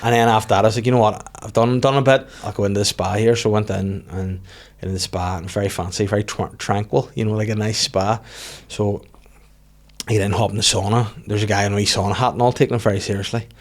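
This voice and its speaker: A man with a Northern Irish accent, a stand-up comedian telling profane, animated stories in casual podcast chat. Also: fairly low pitch. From Northern Ireland. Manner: rapid, profane, animated anecdotes.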